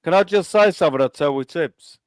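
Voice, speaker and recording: A man's voice: on the high side, brisk, clear, resonant tone, no echo, clean studio sound, natural voice. A man doing a comic impression of a pushy, swaggering male wheeler-dealer during a casual chat. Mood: cocky. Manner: swaggering, insistent.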